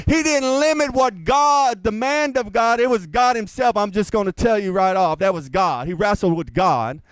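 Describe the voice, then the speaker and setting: A man preaching a lively, conversational sermon as pastor, asking the congregation questions. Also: high voice, moderate pace, clean tone, dry recording, rough recording.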